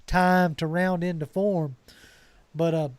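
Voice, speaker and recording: A man with a high voice talks sports on a podcast in a hesitant, thinking-aloud way. The sound is close and dry. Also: flat delivery, slow, smooth, no room sound. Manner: hesitant, with filler words and restarts. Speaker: podcast co-host. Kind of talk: casual sports podcast talk.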